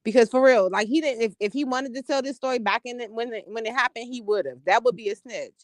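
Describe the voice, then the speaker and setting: A woman's voice: a little high, fast, dry recording, clean studio sound. A woman co-hosting a casual reaction chat, blunt and laughing often, talking straight to viewers. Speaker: co-host.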